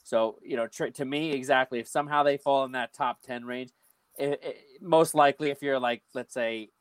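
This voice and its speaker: A man with a mid-range voice talks sports in a casual podcast chat. He works through his points out loud, leaning on lots of fillers. The recording is close and dry, with no room sound. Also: medium pitch, steady tone, normal speed, smooth, dry recording. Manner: thinking aloud, many fillers.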